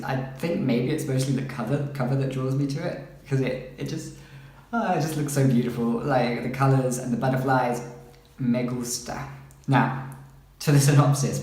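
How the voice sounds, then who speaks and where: A man's voice: medium pitch, darkish tone. Chatty man in a very echoey room. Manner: chatty, rambling, reads synopses aloud. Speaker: book vlogger. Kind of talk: casual chat about upcoming books.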